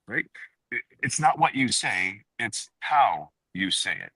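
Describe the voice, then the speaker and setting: A man's voice: on the low side, sing-song, a little slow, bright, forceful tone, breathy edge, no room sound. A man speaking as a sales trainer guest on a podcast, emphatic and demonstrative, driving his points home with stress. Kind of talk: animated podcast talk.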